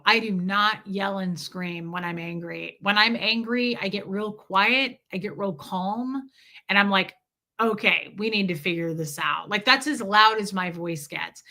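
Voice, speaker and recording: A woman's voice: medium pitch, bright, forceful tone. A woman hosting a casual livestream, talking candidly and emphatically while answering viewer chat, swearing freely and often repeating herself.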